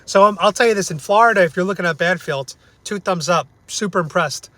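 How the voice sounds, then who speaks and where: A young man with a high, bright voice rants bluntly in a review vlog. He swears freely and repeats his points for emphasis. His tone stays blunt and angry throughout. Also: a little fast, dry recording. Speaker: vlogger.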